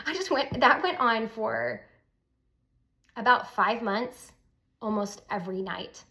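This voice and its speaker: A woman telling her personal story in a casual, animated, emphatic way. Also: on the high side, measured pace. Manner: animated, emphatic, with Southern "y'all".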